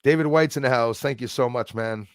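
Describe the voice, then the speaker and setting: A man's voice: mid-range voice, brisk, clean tone, no room sound, studio quality. A man, hosting a casual livestream, chatting along and thanking viewers by name. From Canada. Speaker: livestream host. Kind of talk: casual livestream chat, reading viewer comments.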